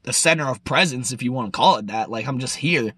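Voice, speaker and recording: Profane rambling young man, bright voice. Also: medium pitch, fast, slight background noise. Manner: profane, rambling, swings between loud and muttered. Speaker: vlogger. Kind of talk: casual rant to camera.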